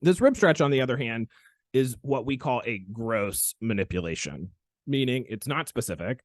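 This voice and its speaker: A man hosting a chiropractic podcast tells a story with lively, expressive swings in his delivery. His voice sits at an ordinary pitch, and the recording is dry and close, with no room echo. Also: normal speed. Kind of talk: casual storytelling chat.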